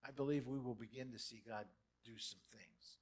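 A man preaching a sermon in a church hall, animated and dramatic, with big swings in loudness as he acts out quotes. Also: mid-range voice, moderate pace. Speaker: pastor.

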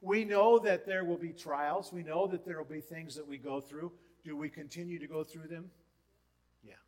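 A pastor preaches a sermon in a conversational way, full of asides and rhetorical questions. His darkish voice holds a steady tone at normal speed, dropping lower as he lists things and rising for emphasis.

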